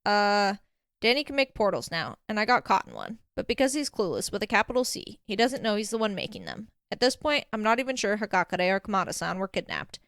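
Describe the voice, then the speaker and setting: Brief: woman doing a quick, earnest young woman, a bit flustered, dry close mic. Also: medium pitch, lively intonation, fairly bright tone, no room sound. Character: young woman, anxious but sharp older sister.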